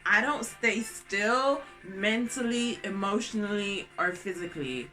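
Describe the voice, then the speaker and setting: A woman in her thirties vlogging casually to camera, excitable and goofy, jumping between topics and laughing often. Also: medium pitch, measured pace, faint music behind. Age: 30s.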